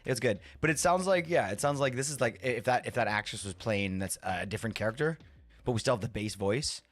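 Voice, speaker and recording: A man streaming a game live, rambling excitedly, laughing and swearing as he reacts to chat. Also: medium pitch, brisk.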